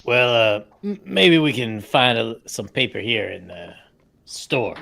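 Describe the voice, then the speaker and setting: Slow, gravelly joking man. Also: medium pitch, expressive, sharp tone. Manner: joking, hesitant. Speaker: player. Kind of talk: playing his character in a tabletop game.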